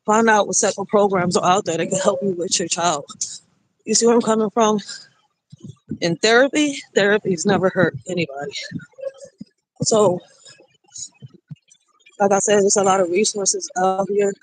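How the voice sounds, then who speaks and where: A woman's voice: mid-range voice, normal speed, long pauses, no echo, low-quality recording. Chatty woman livestreaming outdoors. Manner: loose, chatty and profane, addressing viewers directly. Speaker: single mother livestreaming to viewers. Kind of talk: casual livestream chat while walking. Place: outdoors on a cold city street. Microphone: phone livestream.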